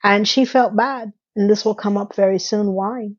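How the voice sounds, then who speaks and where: In a dull, lo-fi recording, a woman with a medium-pitched voice recaps a TV episode at a normal speed and in a steady tone. She keeps it chatty, briefly acting out the characters' lines along the way.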